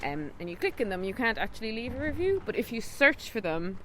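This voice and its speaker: A pregnant woman co-hosting a casual film review podcast, quick and lively. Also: fairly high pitch, background noise. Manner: quick, lively, laughs often. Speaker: podcast co-host.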